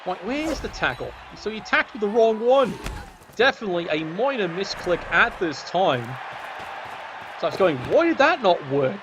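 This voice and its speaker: A man's voice: high voice, animated, normal speed, background noise. A man giving cheeky, sardonic commentary on a tabletop game match.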